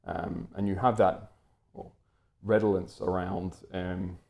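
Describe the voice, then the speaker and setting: Deep mellow-voiced British man lecturing. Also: flat delivery, takes it slowly, vocal fry, slight background noise. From Britain. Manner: wordy, lots of fillers and restarts. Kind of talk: unscripted lecture-style commentary.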